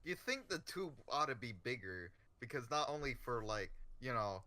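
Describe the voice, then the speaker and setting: A man's voice: medium pitch, normal speed, no room sound. Jokey man podcaster, dry sound. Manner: jokey and animated. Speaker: podcast co-host. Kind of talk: casual chat.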